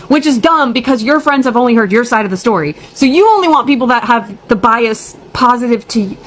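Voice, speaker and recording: A woman's voice: mid-range voice, a little hiss or hum, poor audio. A young woman telling a storytime vlog, ranting and upset, blunt and profane, on the verge of tears. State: near tears.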